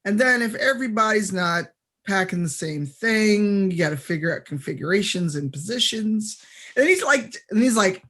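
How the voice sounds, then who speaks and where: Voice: mid-range voice, moderate pace, a bit bright. Rambling, laid-back game master. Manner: casual, rambling narration with fillers. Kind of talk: narrating a tabletop game.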